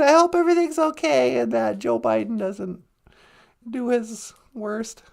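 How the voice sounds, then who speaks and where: A woman hosting a comedy podcast, chatting playfully and giggly, and slowly explaining words. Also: on the high side, very animated, gravelly. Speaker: podcast host. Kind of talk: comedic casual chat.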